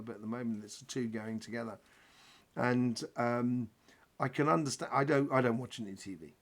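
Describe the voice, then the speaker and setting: A man's voice: medium pitch, vocal fry. A man hosting a live spiritual Q&A, talking in a rambling, chatty way with jokes. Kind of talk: casual live-stream talk.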